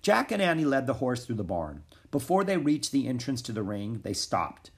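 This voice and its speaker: A man narrating a children's chapter book aloud in an expressive storytelling manner. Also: mid-range voice, moderate pace, creaky, breathy edge. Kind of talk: children's audiobook reading.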